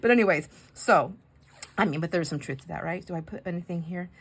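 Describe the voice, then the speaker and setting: A woman's voice: on the low side, brisk, breathy edge. A woman chatting casually while decorating pages, telling a rambling story with asides about her crafting. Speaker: craft vlogger.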